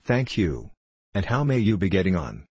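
Jittery, fretful suitor in his thirties, read by a man with a deep, husky voice for an audiobook play. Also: big pitch swings, normal speed, a little mellow, no room sound, exaggerated voice. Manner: fretful, flustered, stumbling over words. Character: nervous 35-year-old male suitor, anxious and hypochondriac.

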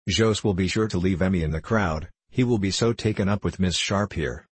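A man voicing a teasing old gentleman. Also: deep voice, fairly quick, slightly rough, dry recording. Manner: boisterous, mocking.

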